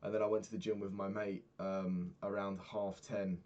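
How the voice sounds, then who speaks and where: A young man, a personal trainer, candidly recapping his week and swearing freely, getting animated when retelling annoyances. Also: lowish voice, moderate pace, highs cut off. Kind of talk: casual vlog recap.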